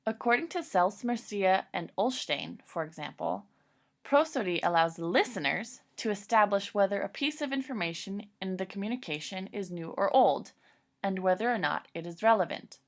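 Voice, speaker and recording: A woman's voice: medium pitch, animated, moderate pace. A woman giving a formal, scripted academic presentation about a lesson plan.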